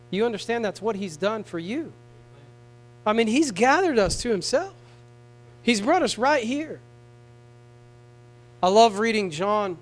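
A man preaching a sermon to a congregation, moving between soft, tender passages and raised, pleading appeals. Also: high-pitched, poor audio. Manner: swings from hushed tender tones to raised pleading.

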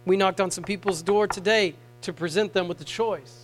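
In a low-quality recording carrying a faint mains hum and faint background music, a high-voiced man delivers a sermon at a moderate pace. His tone stays steady as he drops to hushed tenderness and then climbs to raised, pleading appeals.

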